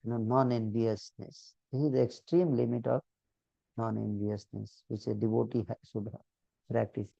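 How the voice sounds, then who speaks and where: Male preacher telling a scripture story, gravelly warm voice, gentle and repetitive, dry dull lo-fi sound. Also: medium pitch, fairly even intonation, normal speed, no room sound.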